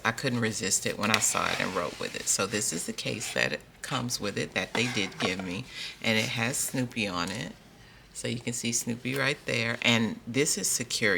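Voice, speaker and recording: A man's voice: lowish voice, creaky, background noise. A man chatting casually through an unboxing haul video, repeating himself and talking straight to his viewers. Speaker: stationery vlogger.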